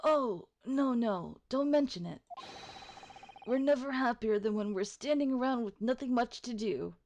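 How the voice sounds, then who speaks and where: A woman voicing an imposing older male British judge in a lowered, slow, formal voice with a put-on British accent. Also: a little mellow, a little hiss or hum. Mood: stern, formal.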